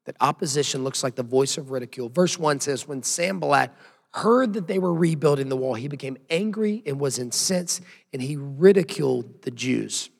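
A man's voice: mid-range voice, animated, normal speed, vocal fry, long reverb tail. A man preaching a sermon as a pastor, emphatic, with frequent rhetorical questions.

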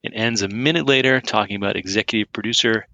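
A man's voice: lowish voice, fast talker, pushed and bright, dull audio. A man co-hosting a podcast in casual chat, rambling with many fillers and restarts. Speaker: podcast co-host.

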